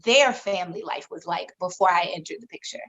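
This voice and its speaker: A woman's voice: on the low side, brisk, a bit bright. A woman in her thirties, candidly telling a painful personal story in a podcast chat, frank and emotional and swearing freely. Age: 30s. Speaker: podcast co-host. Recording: slightly dull lo-fi sound.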